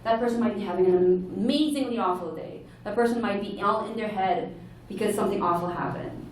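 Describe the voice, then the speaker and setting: A woman's voice: medium pitch, fairly quick, recorded from a distance, slight background noise. A woman giving an earnest, explanatory conference talk to a room, sometimes correcting herself mid-sentence. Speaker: conference speaker. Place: large conference hall. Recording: echoey hall, heard from afar.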